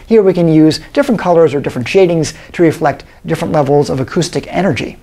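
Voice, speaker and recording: Measured male college lecturer. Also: a little high, a little mellow. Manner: measured, explanatory, with frequent "okay" and "uh". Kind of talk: recorded lecture.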